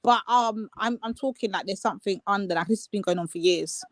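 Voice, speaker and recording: A woman's voice: medium pitch, fairly quick, no echo. A woman co-hosting a casual livestream, gossiping animatedly and firing off questions. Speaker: livestream co-host.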